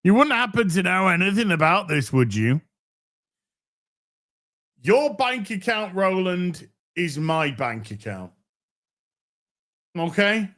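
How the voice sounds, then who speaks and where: Man, stream host, casual chat, swears a lot, fairly high voice, very lively pitch. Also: slow, long pauses. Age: middle-aged. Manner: profane, animated, restarts phrases often. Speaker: livestream host.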